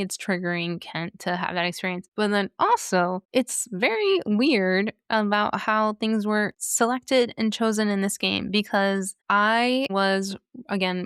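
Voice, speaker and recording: Smooth-voiced woman ranting casually. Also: medium pitch, no room sound, clean studio sound. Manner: animated, sarcastic, rhetorical asides. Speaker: podcast host. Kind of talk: casual commentary.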